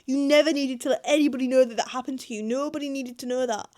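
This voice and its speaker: A woman's voice: sits high, steady tone, fast, a little mellow. A young British woman reacting to online confessions in casual, blunt commentary, swearing freely. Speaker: YouTuber.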